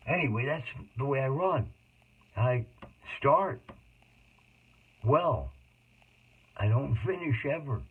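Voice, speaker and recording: A man's voice: mid-range voice, lively intonation, takes it slowly, long pauses, husky. Rambling middle-aged man, tinny sound. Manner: rambling, jumps between tangents. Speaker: autobiographical monologue speaker. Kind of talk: rambling personal monologue. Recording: tinny phone-like audio.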